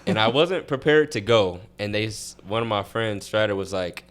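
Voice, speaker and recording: Speaking at a moderate pace with a lowish voice and lively intonation, a young college track athlete guests on a podcast. The casual interview chat has him rambling through stories and restarting many times.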